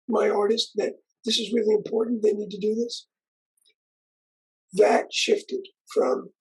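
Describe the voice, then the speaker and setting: Older male interview guest, strongly raspy voice, rambling storyteller. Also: extremely high pitch, a little mellow, low-quality recording. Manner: rambling, with frequent restarts and asides. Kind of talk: conversational storytelling.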